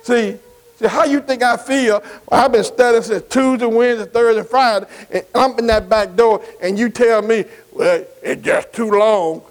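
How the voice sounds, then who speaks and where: A man's voice: very high voice, fairly even intonation, moderate pace, poor audio. A man preaching a sermon, folksy and emphatic, often asking the congregation whether they agree. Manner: emphatic preaching with call-and-response questions. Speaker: pastor.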